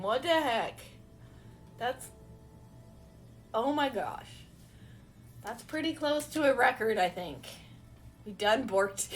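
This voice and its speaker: A woman live streamer chatting casually with her viewers while beading, excitable and laughing often. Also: a little high, slight background noise. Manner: giggly, excitable, frequently laughing.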